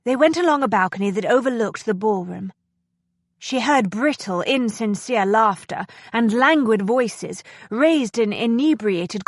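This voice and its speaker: Reading from a scripted novel text, this female audiobook narrator tells the story in a steady, even way. The recording is dry and studio-clean, and her voice falls in the mid-range.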